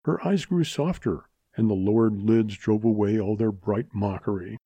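A man narrating a western short story in a measured, expressive audiobook reading. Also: fairly low pitch, slightly rough, no room sound.

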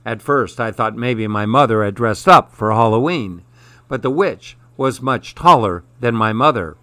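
A man's voice: mid-range voice, expressive, measured pace, pushed and bright, no room sound. Man reading a storybook aloud, dry sound. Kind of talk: storybook narration.

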